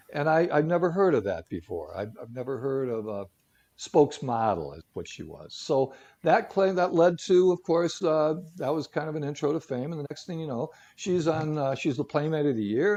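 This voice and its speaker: A man's voice: on the high side, a little mellow, muffled recording. A man co-hosting a talk show who tells stories casually, with jokey asides and lots of fillers. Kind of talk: casual storytelling segment.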